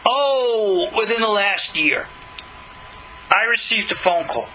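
A man giving an animated lecture as a Jewish religious teacher, commenting on scripture, with swooping emphasis and stretched key words. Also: high-pitched, takes it slowly, a little hiss or hum, low-quality recording.

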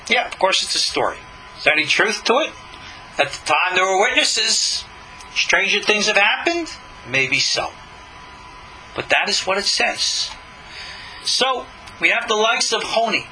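A man teaching scripture with a high, lively voice that leaps up and down as he stresses words. His tone is sharp and very bright, and he stretches out key words for effect. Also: a little hiss or hum, rough recording. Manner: animated, swooping emphasis, stretches key words. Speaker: Jewish religious teacher. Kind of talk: lecture commenting on scripture.

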